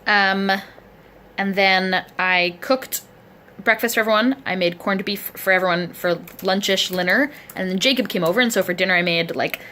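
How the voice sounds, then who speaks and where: A woman's voice: medium pitch, normal speed, sharp tone, a little hiss or hum. A woman recording a casual video diary close to the camera, chatty and rambling, sore and aching as she sits propped up in a chair. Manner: chatty, rambling, self-deprecating. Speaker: vlogger. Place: indoors at a friend's home, seated in a chair. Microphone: camera close to the face.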